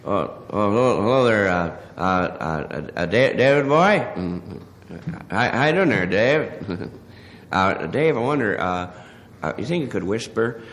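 A man doing a stand-up telephone monologue as a hungover caller, stammering and halting with many pauses and uh's. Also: on the low side, animated, fairly bright tone, slight background noise. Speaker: comedian. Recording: live stage recording, long reverb, audience laughter. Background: audience laughter.

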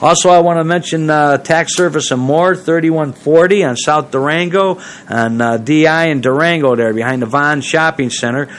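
A man's voice: fairly high pitch, moderate pace, few pauses. A man hosting a radio show, reading sponsor plugs in a loose, rambling way with many fillers. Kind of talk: casual radio talk and sponsor reads.

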